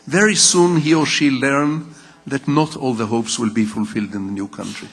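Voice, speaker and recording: An older Israeli man with a Hebrew mother tongue, giving a public lecture in measured storytelling with rhetorical repetition. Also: medium pitch, steady tone, a bit bright, slightly rough, long reverb tail. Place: large lecture hall.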